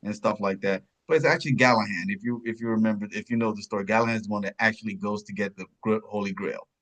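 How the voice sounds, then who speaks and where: A man co-hosting a podcast, chatting casually about a film, rambling and searching for words, his pitch jumping up when surprised. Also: steady tone, fast, a bit bright. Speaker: podcast co-host. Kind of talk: casual film review chat.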